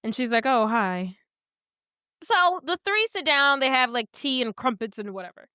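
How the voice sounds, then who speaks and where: A woman's voice: high voice, very animated, fairly quick, pushed and bright, no room sound, studio quality. A woman co-hosting a podcast, recapping a movie in casual chat and acting out the characters' lines as she goes. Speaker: podcast co-host.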